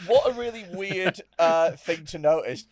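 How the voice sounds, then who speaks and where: Podcast co-host, man, high bouncy voice, crude teasing banter. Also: expressive, measured pace, a crowd in the background. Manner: swearing, laughing, mocking. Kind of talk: casual comedy podcast chat.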